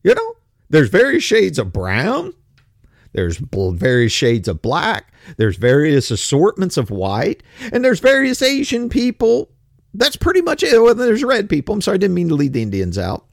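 Male commentator, slightly high voice, profane and sarcastic, dry room. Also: wildly swooping pitch, moderate pace, creaky, dry recording. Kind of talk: opinion commentary rant.

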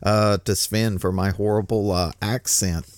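A man's voice: on the low side, fairly even intonation, a little slow, no room sound. An older man hosting a podcast, talking in a rambling, folksy way and chuckling often. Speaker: podcast host. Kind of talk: casual solo podcast monologue.

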